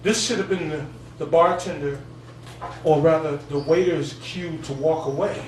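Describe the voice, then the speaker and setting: A man with a baritone voice performing spoken word poetry at an open mic, with a rhythmic delivery that keeps coming back to a refrain. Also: steady tone, moderate pace, a little mellow. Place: cafe gallery open mic stage. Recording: echoey room, far from the mic, faint hum.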